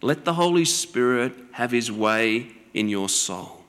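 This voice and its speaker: A male pastor delivering a sermon in a slow, deliberate cadence, letting each phrase settle before the next. His voice rings out in a church with a long reverb trailing behind it. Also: medium pitch, lively intonation, fairly bright tone. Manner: slow, deliberate preaching with measured pauses.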